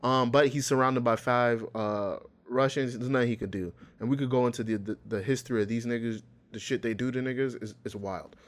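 A man chatting casually with a friend, telling a story with lots of energy. His voice sits at an ordinary middle pitch, and he slips into quick impressions of the people he talks about. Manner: animated storytelling, acts out quotes. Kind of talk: casual chat.

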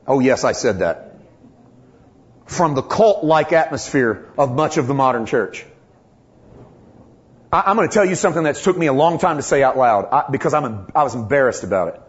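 A man's voice: mid-range voice, animated, moderate pace, long pauses, lo-fi sound. A man preaching a sermon as pastor, emphatic and impassioned, building in intensity as he presses his points.

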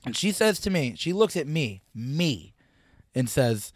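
A young man hosting a podcast, telling crude, animated stories in casual chat. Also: fairly high pitch, unhurried, breathy edge, no room sound, studio quality. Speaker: podcast host.

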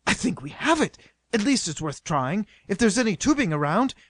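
A man playing a young adventurer who turns from brooding to excited ideas. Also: fairly high pitch, moderate pace, dry recording, studio quality. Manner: brooding, then bursting with excitement.

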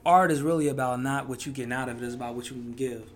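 Male podcast guest, easygoing and reflective, mid-pitched, faint noise in the room. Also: racing. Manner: relaxed, slangy, reflective. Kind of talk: casual chat.

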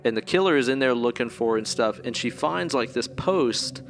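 A mid-pitched man recaps a movie in a loose, profane, rambling way. His casual podcast chat sits over a faint background hiss. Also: animated, normal speed. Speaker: podcast co-host.

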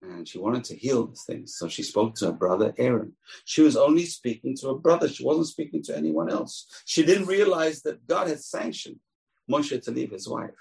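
Gravelly-voiced man giving a Torah lesson. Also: mid-range voice, normal speed, low-quality recording. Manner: animated teller, acts out quoted voices. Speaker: rabbi teaching.

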